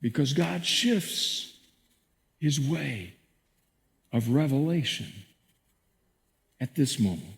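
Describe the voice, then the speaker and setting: Pastor preaching in a reverberant sanctuary. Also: male voice, mid-range voice, lively intonation, takes it slowly, gravelly, pauses often. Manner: dramatic scripture reading, shifting between hushed and emphatic. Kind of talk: sermon. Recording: long church reverb.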